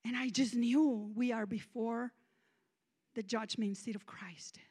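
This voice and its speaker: A woman minister preaching a sermon and telling a personal testimony, moving between hushed and loud. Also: on the high side, fairly even intonation, unhurried, slightly rough. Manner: emotional storytelling, swinging from hushed to loud. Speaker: guest minister.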